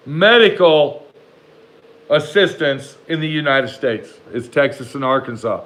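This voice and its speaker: A man with a fairly high voice tells a long personal story straight to his viewers. He curses freely, drifts off track and snaps back at imagined haters. His pace swings between slow, heavy emphasis and fast, tumbling asides. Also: animated, a bit bright, poor audio. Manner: profane, rambling, talks back to imagined haters. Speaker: vlogger telling a personal story. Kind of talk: casual storytelling to camera.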